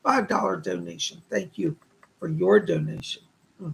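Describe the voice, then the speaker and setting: Man, psychic medium host, high voice, very gravelly, hoarse, live readings. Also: normal speed, poor audio. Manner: warm thanks, relays spirit messages. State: hoarse, voice going.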